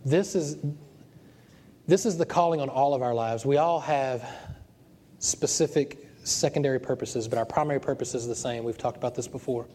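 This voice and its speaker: A man's voice: mid-range voice, normal speed, mellow, slight background noise. A man preaching to a small church congregation, earnest and emotional, often repeating his words as he speaks and then leads a prayer. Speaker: pastor. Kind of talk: sermon and closing prayer.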